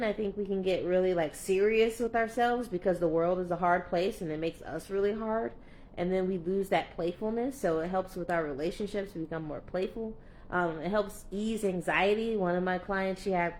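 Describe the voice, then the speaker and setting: A woman's voice: fairly low pitch, a little hiss or hum. Earnest woman coach talking candidly. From California. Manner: earnest, rambling, heartfelt, many fillers and restarts. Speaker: play and movement coach. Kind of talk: candid vlog monologue.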